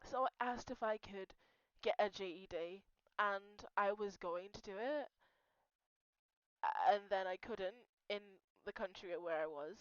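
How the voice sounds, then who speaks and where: A tearful young woman vents to the camera in a rambling, unscripted way, swearing and breaking off her sentences. Her voice is smooth and clear, recorded close and dry with a slightly dull, lo-fi sound. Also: mid-range voice, no room sound. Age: young adult. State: crying. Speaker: vlogger. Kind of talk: emotional personal vent.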